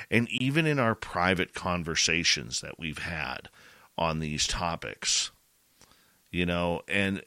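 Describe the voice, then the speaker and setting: Man, podcast host, deep forceful voice, earnest rambling chat. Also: no echo, studio quality. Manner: earnest, rambling with many fillers. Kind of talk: casual heartfelt chat.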